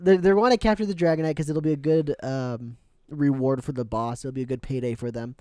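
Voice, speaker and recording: A man's voice: mid-range voice, fairly quick, dark tone, clean tone, no room sound, clean studio sound. A man co-hosting a casual podcast, recapping episodes with lots of giggling and silly quoted voices. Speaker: podcast co-host.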